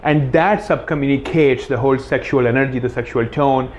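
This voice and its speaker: A man's voice: mid-range voice, fairly quick, darkish tone, lo-fi sound, a little hiss or hum. A man working as a dating coach, explaining earnestly to camera and acting out example lines. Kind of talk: instructional talk to camera.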